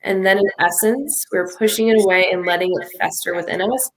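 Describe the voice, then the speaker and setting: A woman's voice: medium pitch, fairly quick. A woman working as a mindfulness coach for mothers, speaking as a podcast guest in an encouraging, affirming way. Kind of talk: casual conversation.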